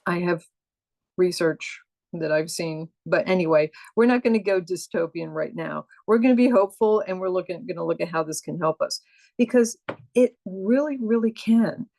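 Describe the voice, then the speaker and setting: A woman's voice: fairly low pitch, normal speed, gravelly, darkish tone, no room sound. An older woman, a coach, talking casually about AI in a chatty, emphatic way with exclamations and asides. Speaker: coach and speaker on AI. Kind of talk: casual monologue.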